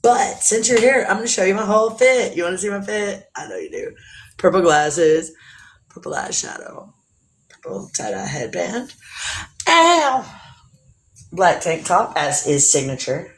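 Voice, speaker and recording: A woman hosting a casual live stream, joking crudely, greeting viewers and talking in a playful, drawn-out way. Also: mid-range voice. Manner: bawdy, joking, often laughing. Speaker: livestream host.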